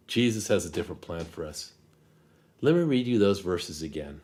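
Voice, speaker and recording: A male pastor giving a short devotional message in a calm, measured way, softening when he reads scripture. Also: low-pitched.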